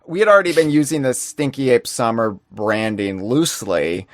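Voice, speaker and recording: A man co-hosting a casual live-streamed podcast, chatting playfully with quick asides and rambling tangents. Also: medium pitch, no echo, clean studio sound. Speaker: podcast co-host.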